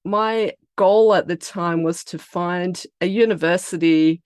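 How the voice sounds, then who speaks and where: An Australian woman with a slightly low voice talks through her science and career in an easy, explanatory way. She sounds close and dry on a podcast mic, with no room around her. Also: a little slow, darkish tone, clear, resonant tone, dry recording. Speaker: biotech company founder and CEO. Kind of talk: podcast interview answers.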